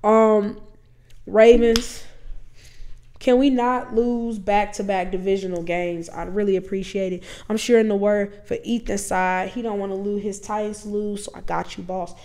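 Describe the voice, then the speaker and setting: A woman co-hosting a casual podcast, her voice hoarse and nasal from a cold, chatty and heartfelt. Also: mid-range voice, fairly even intonation, measured pace. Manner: chatty, heartfelt sign-off with sports shout-outs. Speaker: podcast co-host.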